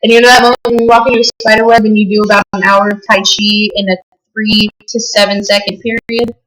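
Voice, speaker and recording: A woman's voice: mid-range voice, flat delivery, fast, a bit bright, low-quality recording. A woman from Las Vegas with a stuffy nose from being sick, telling a rambling, profane story in a casual vlog, full of fillers. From Las Vegas, USA. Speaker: vlogger.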